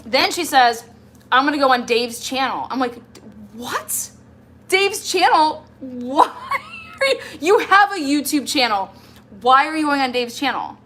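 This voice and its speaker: Ranting on a livestream, a woman directly confronts an absent person with clear exasperation. Her high voice is sing-song and a bit bright, at a moderate pace, with slight background noise.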